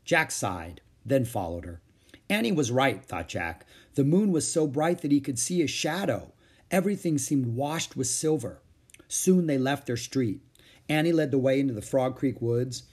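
A man reading a children's chapter book aloud, narrating gently and expressively. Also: medium pitch, lively intonation, normal speed, breathy edge. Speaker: audiobook reader. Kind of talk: storybook read-aloud narration.

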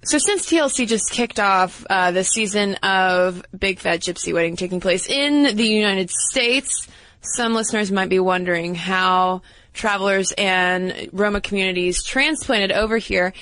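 A woman's voice: medium pitch, a little slow, a bit bright, no echo, low-quality recording. Chatty woman podcast co-host, dry mic. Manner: chatty, explanatory, unsure of some pronunciations. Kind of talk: casual conversational podcast.

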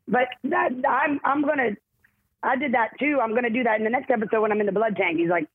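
Husky woman rambling on a tinny line. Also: fairly high pitch, fast talker, no room sound. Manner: rambling, self-interrupting, animated. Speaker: actress guest. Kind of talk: casual interview storytelling. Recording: tinny phone-like line, dry.

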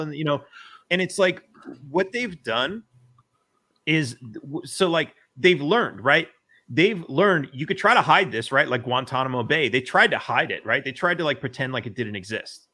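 A man's voice: on the high side, animated, normal speed, pushed and bright. A man hosting a casual political podcast, rambling and swearing, with lots of fillers and restarts. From United States. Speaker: podcast host.

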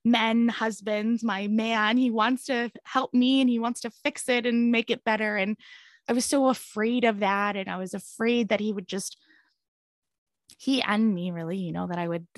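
A woman's voice: fairly high pitch, fairly even intonation, moderate pace, dry recording, studio quality. A woman in her thirties, a podcast guest, telling a candid personal story in an earnest, rambling way, often breaking into nervous laughter.

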